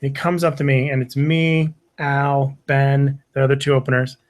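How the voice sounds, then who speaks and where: This man, a guest on a podcast, shares a story while chatting casually, using a medium pitch and moderate pace. He brings it to life by acting out others' words and swears frequently along the way.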